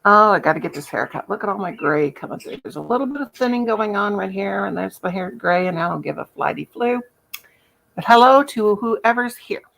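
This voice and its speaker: A woman's voice: medium pitch, animated, fairly quick, creaky, a bit bright, rough recording. A middle-aged woman with a Southern US accent hosts a casual crochet livestream, playful and chatty, humming nonsense syllables. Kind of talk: casual live chat.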